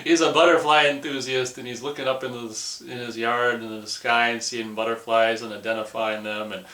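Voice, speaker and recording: A man's voice: medium pitch, flat delivery, brisk, bright, forceful tone, echoey room, poor audio. A man casually reviewing a movie in a loose, rambling way, with lots of "or whatever" asides.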